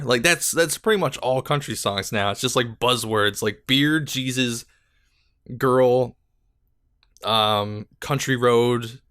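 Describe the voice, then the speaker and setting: A man's voice: medium pitch, slow, a bit bright, smooth, dry recording, studio quality. A young man hosting a casual solo podcast, rambling with lots of fillers and a little out of breath. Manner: rambling, filler-heavy, self-deprecating. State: slightly out of breath. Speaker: podcast host and gaming YouTuber.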